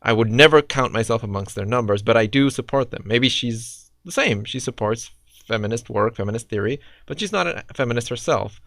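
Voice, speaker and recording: A man's voice: medium pitch, a little fast, gravelly, fairly bright tone, no echo. A man doing reaction commentary in a sarcastic, exasperated way. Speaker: response video commentator.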